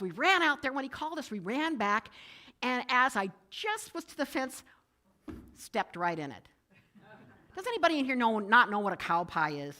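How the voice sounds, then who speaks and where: A woman's voice: on the high side, moderate pace. A woman giving a conversational church message, telling personal stories and quoting others. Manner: storytelling, animated, quoting others in changed voices. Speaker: speaker giving a Sunday message. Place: church sanctuary.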